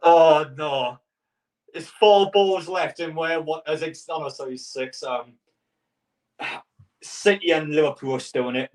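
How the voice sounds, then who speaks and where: Exasperated football fan, off-mic. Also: male voice, fairly high pitch, unhurried, a little mellow, far from the mic. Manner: exasperated, swearing, rambling with stutters and laughs. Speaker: football fan streamer reacting to a cup draw. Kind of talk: live reaction commentary.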